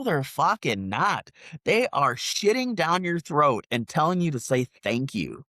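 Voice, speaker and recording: Profane ranting man, lively swinging pitch. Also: measured pace, no echo, studio quality. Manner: profane, mocking, rants with sarcastic put-on voices. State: congested sinuses, sniffing. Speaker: podcast co-host. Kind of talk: profane political rant. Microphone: separate remote mic.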